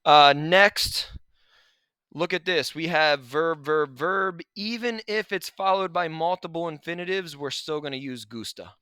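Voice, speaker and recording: Male teacher, casual lesson voice-over, crisp, bright, dry sound. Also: on the high side, measured pace, no room sound. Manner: relaxed, chatty explaining with asides. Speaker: Spanish teacher. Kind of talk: recorded lesson over slides.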